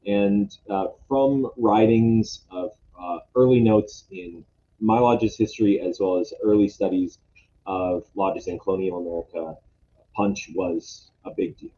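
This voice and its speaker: A man's voice: on the low side, steady tone, a little slow, warm tone. A man presenting lodge history in a casual talk, hesitant and full of fillers and restarts. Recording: dull lo-fi sound, faint noise.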